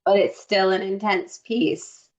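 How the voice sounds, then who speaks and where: A woman co-hosting a podcast in casual chat, telling lively stories and acting out what people said. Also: mid-range voice, unhurried. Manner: lively storyteller who acts out quotes. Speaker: podcast co-host. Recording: dull lo-fi recording.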